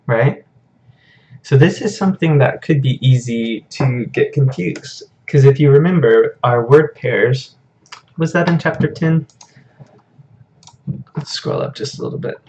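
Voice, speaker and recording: A man's voice: mid-range voice, unhurried, darkish tone, muffled recording, slight background noise. A man teaching a Hebrew grammar lesson over a shared screen, explaining patiently in a casual way with frequent fillers.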